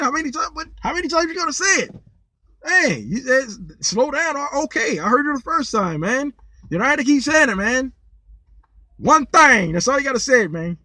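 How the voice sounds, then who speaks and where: Here a man with an extremely high-pitched voice talks to camera with no echo in the recording. A vlogger and ex-rideshare driver, he vents and tells rambling stories, frequently repeating words. He's animated and lively, growing incredulous over the funny stories.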